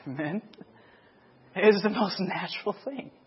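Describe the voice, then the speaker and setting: A man's voice: sits high, a little slow, breathy edge. Man preaching with a muffled sound. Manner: calls for amens, grows loud and excited when retelling. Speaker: preacher giving testimony. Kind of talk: sermon testimony.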